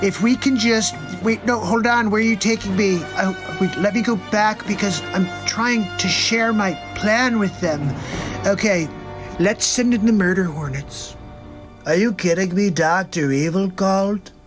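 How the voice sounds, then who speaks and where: A man's voice: high-pitched, unhurried, music in the background. A man doing a comedy impression of a grandiose middle-aged male villain, barking pompous orders and muttering flustered asides. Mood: scheming.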